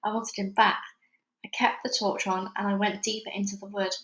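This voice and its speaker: A woman's voice: mid-range voice, flat delivery, brisk, a bit bright. Woman reading a children's book aloud. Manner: casual, chatty with fillers. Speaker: read-along narrator. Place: busy house. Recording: echoey room at home.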